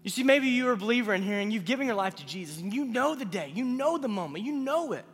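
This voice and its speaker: A man preaching a youth sermon, moving between quiet pleading and loud calls. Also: very high-pitched, sing-song, quick pace, husky, big-room sound. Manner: builds from hushed pleading to loud shouting. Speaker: youth pastor.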